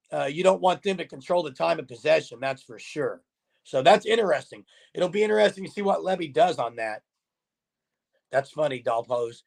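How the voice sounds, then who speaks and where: Chatty male livestream host, gravelly and a touch high-pitched, talks straight to the viewers. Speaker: host of a sports livestream show. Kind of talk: casual sports talk, reading viewer comments.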